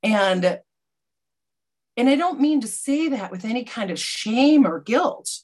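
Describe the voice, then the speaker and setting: A woman's voice: fairly high pitch, lively intonation, measured pace, darkish tone. A middle-aged woman giving an earnest, reflective personal testimony about her recovery, often restarting her sentences. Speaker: speaker sharing a personal recovery story.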